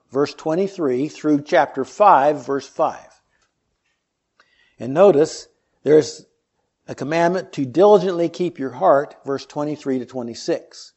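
A man's voice: a little high, darkish tone, muffled recording. A man preaching an earnest sermon, reading scripture and explaining it with rhetorical questions.

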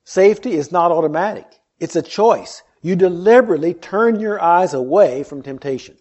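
A man's voice: high-pitched, normal speed, darkish tone. A man preaching an earnest sermon, reading scripture and explaining it with rhetorical questions.

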